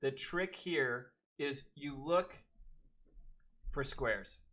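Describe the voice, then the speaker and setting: A man leads a math lecture in class, working out steps aloud and joking chattily with students between them. He speaks extremely slowly in a mid-range voice that's pushed and bright.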